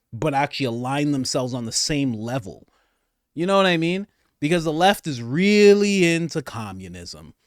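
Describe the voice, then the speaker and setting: Animated sarcastic man ranting. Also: medium pitch, no room sound, clean studio sound. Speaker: podcast host. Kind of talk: comedic political commentary.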